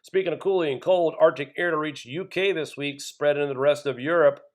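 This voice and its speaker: A man's voice: a little high, a little fast. Indignant man commenting on weather news. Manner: indignant, conversational, addresses viewers as folks; reads news items aloud then comments. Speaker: channel host.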